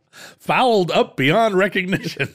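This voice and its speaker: A man's voice: high-pitched, lively intonation, slow, fairly bright tone. A man co-hosting a casual comedic chat, a rambling storyteller who laughs often. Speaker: podcast co-host.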